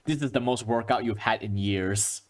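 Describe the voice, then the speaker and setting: A man's voice: on the low side, normal speed. Rambling man running a tabletop game. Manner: rambling, many fillers and restarts, chuckles. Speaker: game master.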